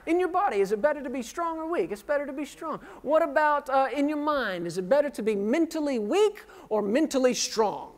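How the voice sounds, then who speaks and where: A man's voice: very high-pitched, expressive, brisk, few pauses. A man in his thirties preaching a sermon, quizzing the congregation and joking at his own expense. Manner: jokey and self-deprecating. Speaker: pastor. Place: church sanctuary. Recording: reverberant church hall.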